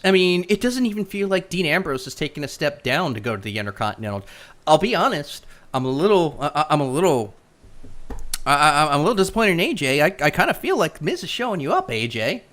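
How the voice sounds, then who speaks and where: An animated woman hosting a chat podcast. Her voice climbs and dips through every sentence. She talks in a sarcastic, rambling way and often stumbles over repeated words. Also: on the low side, a little fast. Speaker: podcast host. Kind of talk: casual wrestling chat.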